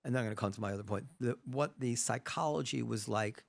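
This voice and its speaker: A man hosting a casual conversational interview, animated, thinking aloud with frequent restarts. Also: mid-range voice, a little fast, vocal fry. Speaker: podcast host. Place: New York.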